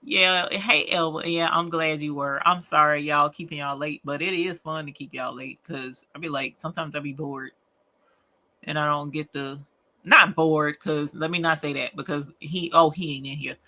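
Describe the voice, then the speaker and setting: Bright-voiced chatty woman livestream host. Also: low voice, steady tone, moderate pace. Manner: chatty and rambling, laughs often, folksy slang. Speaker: livestream host of a rhinestone crafting show. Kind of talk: casual late-night livestream chat.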